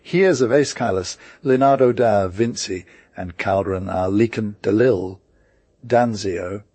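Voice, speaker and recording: An aloof scholar in glasses who states his opinions calmly and dismissively, read by a man in an audiobook. The voice is low and dry. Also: unhurried, no room sound. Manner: calm, dismissive.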